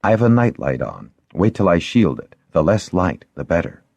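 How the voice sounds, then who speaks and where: A male reader voicing a young woman healer who speaks softly but firmly, with gentle reproach. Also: deep voice, very animated, moderate pace, vocal fry, slightly rough, dry recording, heavily acted. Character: young woman healer, soft-spoken yet firm.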